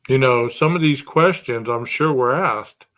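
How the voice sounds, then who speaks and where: A man's voice: mid-range voice, measured pace, fairly bright tone. A man hosting a true crime podcast, speculating aloud through a string of rhetorical questions.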